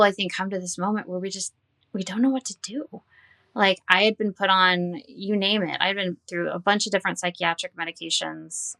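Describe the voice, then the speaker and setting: Speaking on the low side with a creaky, pushed, bright quality, this dietitian in her forties is a guest in an interview. She tells her own story with candor and earnestness, relaying events through quoted dialogue.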